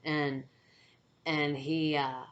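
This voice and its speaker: A woman's voice: deep voice, flat delivery, very slow, highs cut off. A woman who is an empath, telling a spiritual story to camera with hesitant phrasing, many fillers and frequent "okay?" check-ins.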